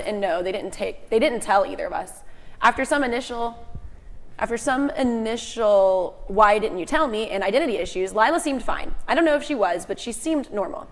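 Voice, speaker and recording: A woman's voice: medium pitch, in a large hall. A woman co-hosting a casual afternoon show. She chats with her co-hosts and reads a story aloud, often restarting her sentences. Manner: chatty, restarts lines while reading. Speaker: co-host.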